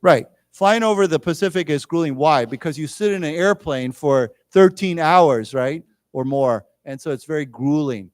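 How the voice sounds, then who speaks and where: A man in a library lecture room leads an English vocabulary lesson, explaining each word at a patient pace and having the class repeat it back. His voice sits a little high for a man, and the sound is close and dry. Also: lively intonation, moderate pace, hardly any pauses, no room sound. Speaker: English teacher.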